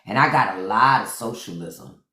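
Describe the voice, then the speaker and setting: A woman putting on a teasing, suggestive voice as a flirty smooth-talking male politician, recorded in a roomy space. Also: rumbling low, animated, moderate pace, sharp tone, pitched below the performer's own voice, full character voice. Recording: roomy echo.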